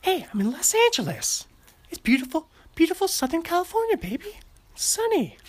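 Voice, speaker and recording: This is a cocky, upbeat male movie star with a high, bouncy swagger, put on by a man. The pitch jumps far above the speaker's usual range, and every line comes out exaggerated and boastful. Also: huge pitch swings, normal speed, full character voice.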